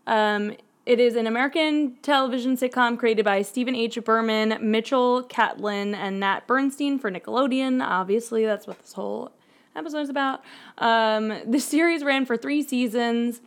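A woman's voice: fairly high pitch, a little slow, vocal fry. A young woman co-hosting a casual podcast, chatty and self-mocking, laughing often and reading show summaries with lots of ums. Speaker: podcast co-host.

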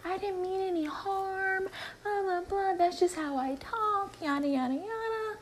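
A dismissive female coworker who apologizes without meaning it, as a woman puts her on. The voice jumps up high and airy, waving off the matter with a careless lilt. It sits a little back from the microphone. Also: measured pace, a little hiss or hum. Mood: breezy apologetic.

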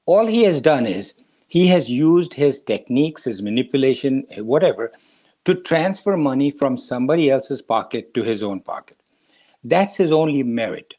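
A man's voice: medium pitch, expressive, normal speed, a little mellow. Man explaining scripture. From India. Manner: storytelling, explanatory, addresses listener. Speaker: spiritual teacher. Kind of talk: lecture on scripture.

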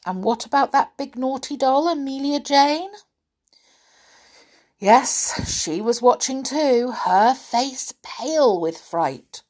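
Slow expressive woman reading a children's tale. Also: sits high. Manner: expressive, dramatic gasps. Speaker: storyteller. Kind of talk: reading a children's story aloud.

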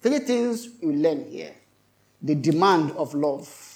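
A man's voice: on the high side, animated, slow pace, creaky, a little mellow. A male pastor preaching a sermon, emphatic and repetitive, often turning to question his congregation.

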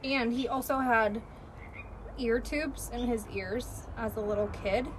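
A woman's voice: a little high, steady tone, a little slow. A woman co-hosting a podcast in casual chat, telling stories animatedly and laughing often. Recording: noticeable background noise.

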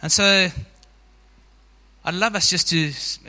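A man's voice: sits high, takes it slowly, pauses often, sharp tone, long reverb tail. A man preaching a sermon to a congregation in a casual, conversational way, filling his sentences with "you know". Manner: informal, frequent "you know" fillers.

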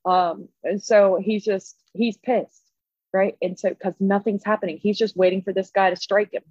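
A podcast co-host chats her way through a story, animated, swearing freely and filling it with "like." Her voice sits in a middle range. The sound is dull and dry, with no room around it. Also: mid-range voice, normal speed, breathy edge, no echo. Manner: animated, profane, frequent "like". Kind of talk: casual storytelling chat.

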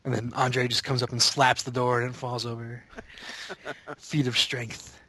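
A man's voice: mid-range voice, flat delivery, measured pace, pushed and bright, slightly rough, no echo. A man with a middling voice co-hosting a podcast, riffing on movie scenes in a loose, jokey, rambling way. His recording is dry and close, with no room sound. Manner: rambling, jokey, fillers like "you know". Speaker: podcast co-host. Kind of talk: casual movie chat.

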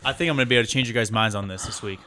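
A man's voice: fairly low pitch, racing, pushed and bright, slight background noise. A man co-hosting a casual podcast, earnestly arguing his point. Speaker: podcast co-host. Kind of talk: casual chat.

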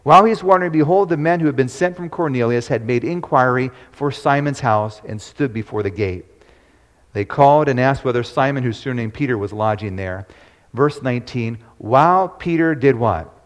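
A man's voice: mid-range voice, moderate pace. A man leading an interactive Bible study, quizzing his listeners and repeating key points. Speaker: Bible teacher. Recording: long hall reverb.

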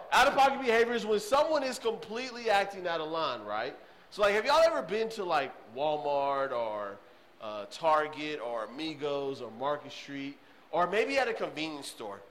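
A man's voice: a little high, a bit bright. A man, preaching a casual sermon as a youth pastor and often checking in with "okay?". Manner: casual, chatty, frequent "okay?" check-ins. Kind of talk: sermon to teens.

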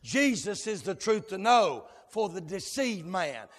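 A male preacher delivering a fiery sermon in rhythmic cadences, dotted with amens and sudden shouted whoops. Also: sits high, big pitch swings, unhurried. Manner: rhythmic cadences punctuated with amen. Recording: long hall reverb.

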